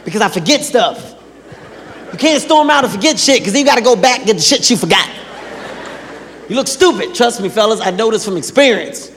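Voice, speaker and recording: A man with a high voice delivers brash, profane stand-up and acts out little scenes. His voice rings through a reverberant venue with crowd sound. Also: expressive, a little fast, a bit bright, slight background noise. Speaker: stand-up comedian. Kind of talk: stand-up comedy.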